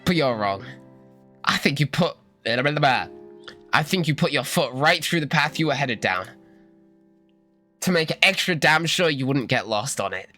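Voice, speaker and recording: A rueful warrior servant speaks low and subdued, a streamer reading him aloud from a game, apologetic and heavy with regret. The pitch keeps moving even at this lower register, and the tone stays bright and clear. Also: unhurried, pauses often, soft background music. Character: remorseful male warrior servant.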